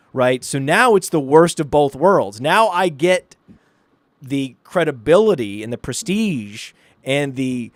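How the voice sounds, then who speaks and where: A man co-hosting a podcast, telling stories in an animated, ranting way. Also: a little high, takes it slowly, no echo. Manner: animated storyteller, rants excitedly. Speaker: podcast co-host. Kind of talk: casual podcast chat.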